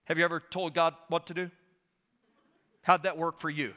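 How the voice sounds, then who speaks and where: A middle-aged man preaching a sermon in a church auditorium, with a high, bright, ringing voice. He tells his story in an animated way and acts out his own talks with God. The long reverb of a big hall trails after every phrase. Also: moderate pace. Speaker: guest speaker.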